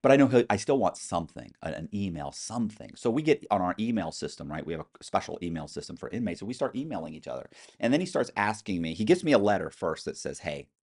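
A middle-aged man telling animated stories as a podcast guest, acting out quoted voices with some swearing. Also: low voice, fast talker, hardly any pauses. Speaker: interview guest. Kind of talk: storytelling in a podcast interview.

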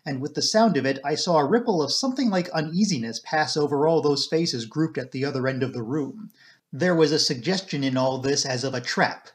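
A man narrating an audiobook in a measured, even reading. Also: mid-range voice.

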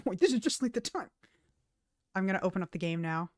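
A woman's voice: lowish voice, animated, quick pace, a little mellow, dry recording, studio quality. A young woman streaming, chatting casually with friends and often laughing as she talks. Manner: giggly, chatty, breaks into laughter.

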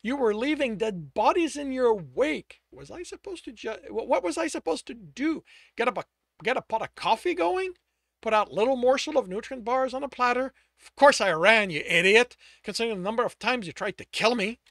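An enraged alien man, as a male narrator puts him on, hurls strained, shouted questions in a raised, swooping voice. The reading is close and dry, with no room around it. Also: very high voice, expressive, moderate pace, vocal fry, dry recording, pitched above the performer's own voice, full character voice. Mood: furious, mocking.

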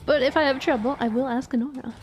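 A woman's voice: high voice, steady tone, fast, noisy background. A woman from Atlantic Canada chatting casually with her live-stream viewers, swearing and laughing often. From Maritimes, Atlantic Canada.

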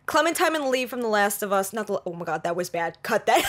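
A woman's voice: fairly high pitch, very animated, moderate pace, a bit bright, soft background music. A woman YouTuber flubbing her video intros, giggling and exclaiming as she restarts her lines. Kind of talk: blooper reel of vlog intros.

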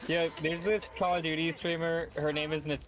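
A man chatting with friends while gaming, rambling with lots of fillers and getting excitable. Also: fairly high pitch, normal speed, music in the background. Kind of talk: casual gaming chat with friends.

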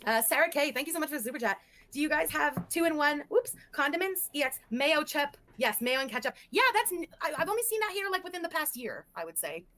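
A woman's voice: high voice, expressive, brisk, bright, forceful tone. A woman from Canada co-hosting a casual livestream, chatty and brash while reading viewer messages. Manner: chatty, brash, laughs easily.

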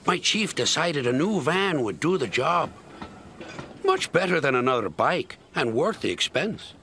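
Man playing a friendly old village postman, homey way of talking, bit higher than his own voice, music going. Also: very animated, measured pace, vocal fry, pushed and bright, a little hiss or hum, exaggerated voice. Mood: pleased. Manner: homely, folksy speech. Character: kindly older male village postman.

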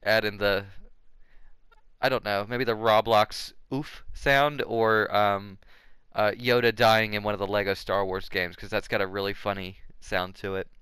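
A man's voice: on the low side, flat delivery, a little slow, a bit bright, clear, resonant tone, no room sound, rough recording. A man casually commenting while playing a game, rambling and chatty and laughing at himself. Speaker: let's play host. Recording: game music underneath. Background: game music.

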